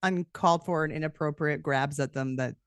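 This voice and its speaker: A woman's voice: low-pitched, a little fast, clear, resonant tone. A woman hosting a podcast, chatting casually and summing up what her guest says. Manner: chatty, reacts and sums up. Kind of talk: casual interview chat.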